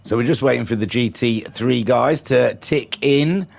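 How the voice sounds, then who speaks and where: A man's voice: medium pitch, moderate pace, gravelly. A man doing live commentary for a sim racing league stream, chatty and rambling, with self-deprecating asides. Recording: music playing behind voice. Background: music.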